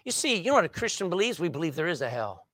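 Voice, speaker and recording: A man preaching a sermon, asking rhetorical questions and swinging between loud and soft. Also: a little high, sing-song, racing, dry recording.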